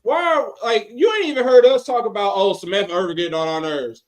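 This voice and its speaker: A man co-hosting a casual wrestling podcast, talking in an animated, rambling way and restarting his sentences. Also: sits high, quick pace. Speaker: podcast co-host.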